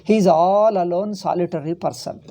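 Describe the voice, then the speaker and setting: A man's voice: high-pitched, moderate pace, warm tone. A man, a monk teaching a philosophy class, arguing with rhetorical questions and repeating his points. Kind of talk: lecture.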